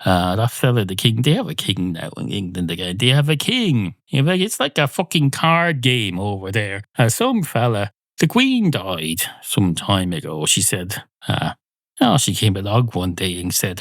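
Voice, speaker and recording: A man's voice: fairly low pitch, moderate pace, dry recording. Wry Irish man rambling on his podcast. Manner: deadpan, wry, digressive, swears casually. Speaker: comedy podcast host. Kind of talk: rambling comic monologue. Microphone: close studio mic.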